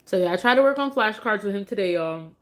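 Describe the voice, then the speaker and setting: A woman's voice: mid-range voice, lively intonation, quick pace. A mother chatting casually on a live stream, open and emotional, turning sing-song when she coaxes her toddler.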